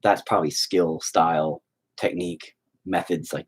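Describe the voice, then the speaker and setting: Husky, rambling self-mocking man. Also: deep voice, fairly even intonation, normal speed. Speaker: artist vlogger. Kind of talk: casual self-deprecating vlog.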